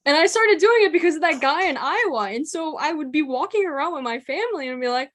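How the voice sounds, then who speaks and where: A woman with a Chicago accent, chatting in a lively, laughing way as a podcast host. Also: high voice, quick pace, few pauses. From Chicago area, USA. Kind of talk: casual interview chat.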